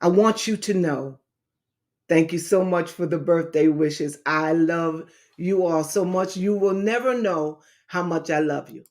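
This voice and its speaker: A woman's voice: on the low side, a little mellow. A woman hosting a talk show, speaking to her audience in a heartfelt, preacherly way about healing and her book. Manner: slow, preacherly, addresses listeners as baby and saints. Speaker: talk show host and author.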